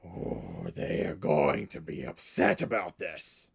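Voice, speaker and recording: A man voicing a large, menacing male orc warrior in a bone mask, speaking gruffly with a put-on southern drawl. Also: deep voice, slow pace, voice pushed down, heavily acted. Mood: accusing. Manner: accusing, threatening.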